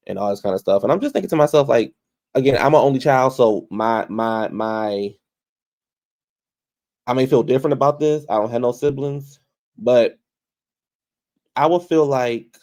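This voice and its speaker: A man's voice: mid-range voice, normal speed, pauses often, darkish tone. A man giving casual commentary, repeating phrases for emphasis and calling out people directly. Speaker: commentary vlogger.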